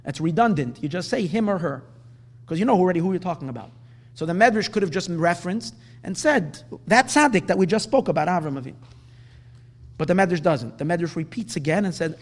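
High-voiced man giving a Talmudic lecture. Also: lively intonation. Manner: explanatory, drawing out Hebrew quotes slowly. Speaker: Torah teacher.

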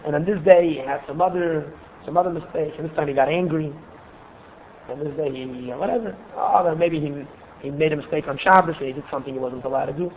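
Male religious teacher, storytelling lesson, halting delivery with repeated words, slightly high voice, lo-fi phone-like sound. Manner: halting, repeats words while searching for phrasing. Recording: tinny phone-like recording, faint hiss.

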